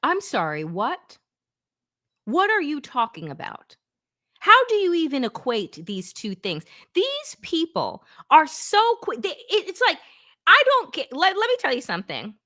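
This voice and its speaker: A woman's voice: high voice, huge pitch swings, measured pace, bright, forceful tone, no room sound, clean studio sound. A middle-aged woman hosting her own show, talking through politics in a casual, indignant way, swearing freely and using lots of fillers. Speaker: political commentary host.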